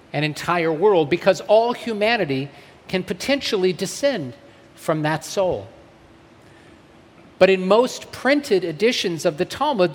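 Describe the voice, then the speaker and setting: A man giving a sermon in a measured, deliberate way, slowing down to stress the texts he reads. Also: sits high. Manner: measured and deliberate, with slow emphatic readings. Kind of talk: sermon on a text. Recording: long hall reverb.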